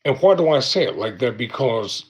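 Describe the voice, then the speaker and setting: A man hosting his own show, talking in a slow, deliberate, preaching style with pauses. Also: medium pitch, very animated. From United States. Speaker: show host. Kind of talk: monologue commentary.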